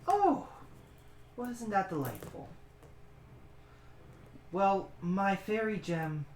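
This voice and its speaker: A game master voicing a soft-spoken, weary fey woman who talks quietly and politely. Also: medium pitch, expressive, takes it slowly, reverberant, voice pushed up. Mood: wistful.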